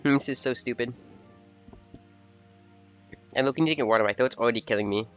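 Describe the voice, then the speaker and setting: A man's voice: mid-range voice, fairly quick, muffled recording, faint music behind. A man streaming a game with casual, joking, self-mocking commentary into a desk microphone.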